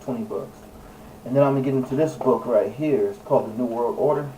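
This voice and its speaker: A man with a mellow, warm voice gives a casual scripture talk, emphatic and preachy, often stopping to correct himself. He sounds set back from the microphone, with faint room noise underneath. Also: mid-range voice, fast talker, recorded from a distance, low-quality recording. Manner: preachy and emphatic, with frequent fillers and self-corrections. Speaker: religious video presenter. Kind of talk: casual scripture teaching while reading aloud and searching online.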